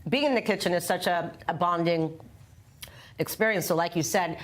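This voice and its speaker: A woman's voice: fairly low pitch, moderate pace. A woman hosting a studio news show, chatting casually and eating as she talks. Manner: chatty, eats while talking. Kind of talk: studio interview.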